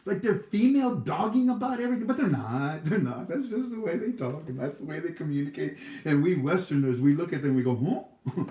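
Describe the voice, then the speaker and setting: A man's voice: fairly high pitch, animated, brisk, hardly any pauses, mellow, roomy sound. A man hosting a casual livestream Q&A, rambling and joking with frequent laughs. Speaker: livestream host.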